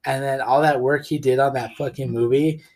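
A podcast co-host in casual chat, animated and swearing freely. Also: medium pitch, moderate pace. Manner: animated, swearing, slips into silly voices.

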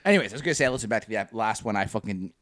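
A man's voice: fairly low pitch, animated, racing, a bit bright, dry recording, studio quality. A young man co-hosting a podcast, talking in crude, rambling banter with frequent laughs. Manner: profane, rambling, laughs often, mocking voices. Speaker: podcast co-host.

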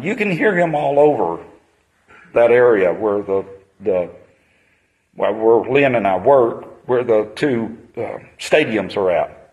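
A man's voice: mid-range voice, rough recording. A man, preaching a sermon on a Bible passage in a conversational storytelling manner.

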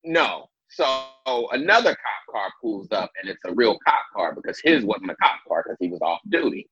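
A man with a very low, husky voice tells a story in a casual interview, acting out quotes and swearing freely. The recording is dry and a little dull. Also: big pitch swings, normal speed, a bit bright, no echo. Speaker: interview guest. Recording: dull lo-fi sound.

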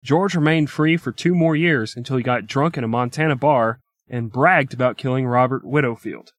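A man's voice: mid-range voice, normal speed, no room sound. A man co-hosting a casual comedy podcast, joking and swearing as he talks. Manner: jokey, swears, bursts into silly old-timey gangster voices. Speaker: podcast co-host.

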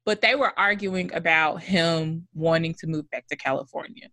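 A woman co-hosting a podcast in casual chat, animated, swearing and laughing often. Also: low voice, moderate pace, no echo. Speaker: podcast co-host.

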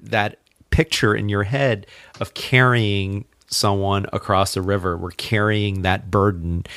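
A man hosts a podcast interview with a fairly low voice. He sounds eager and encouraging as he asks his questions. The recording is dry and close, with no room sound. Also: steady tone, unhurried, a bit bright, dry recording. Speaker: podcast host.

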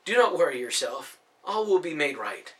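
A man voicing a reserved young hero who talks in a measured, guarded way. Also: a little high, big pitch swings, fairly bright tone, distant mic. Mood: steady.

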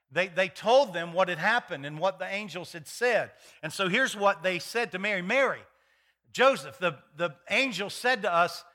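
A middle-aged male pastor preaching a sermon in a folksy, storytelling way, acting out the people in his stories. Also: a little high. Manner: animated, acts out voices in his stories; folksy, many fillers and restarts.

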